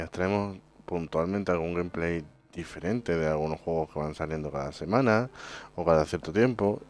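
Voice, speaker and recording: Casting: a laid-back Spanish gaming host with a Spain accent, deep and resonant, chatty with fillers. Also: male voice. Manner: relaxed, chatty, hesitant fillers. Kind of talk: casual gameplay commentary.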